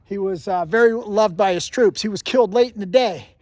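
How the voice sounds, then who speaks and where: High-voiced man vlogging on a trail. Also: brisk, darkish tone, no echo. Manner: rambling, self-correcting storyteller. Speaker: hiking vlogger. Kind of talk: casual walking history talk. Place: outdoors on a mountain trail.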